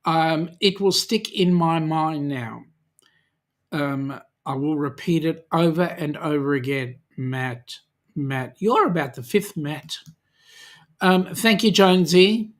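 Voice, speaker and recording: A man's voice: fairly high pitch, slow. A man with an Australian accent hosting a casual livestream, reading out viewer comments with lots of ums and friendly teasing. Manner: chatty, hesitant with frequent ums, teasing. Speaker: livestream host.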